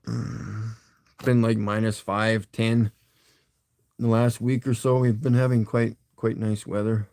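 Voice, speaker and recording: A man's voice: lowish voice, little pitch movement, slow pace, a little mellow, no echo, clean studio sound. A middle-aged man with a Canadian accent, rambling and chuckling as he chats casually with his live-stream viewers. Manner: rambling, chuckling, talks to chat.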